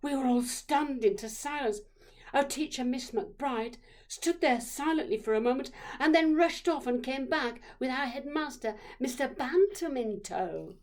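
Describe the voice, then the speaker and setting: Woman storyteller, memoir reading, high-ish lively voice, slow unhurried delivery, drops into hushed whispers. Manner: expressive, dropping to dramatic whispers.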